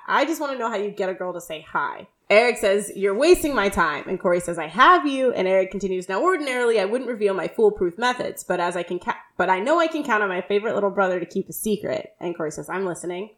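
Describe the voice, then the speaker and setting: A woman's voice: medium pitch, quick pace, few pauses. Woman podcast co-host, chatty recap, laughs a lot, acts out quotes. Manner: laughing often, quoting characters in lively voices. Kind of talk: casual recap chat.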